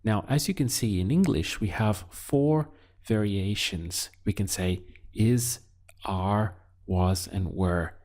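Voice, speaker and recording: A man teaching a Spanish lesson, speaking deliberately and pausing so the learner can answer. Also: deep voice, mellow. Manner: slow, deliberate teaching with pauses for learner practice. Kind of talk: video language lesson.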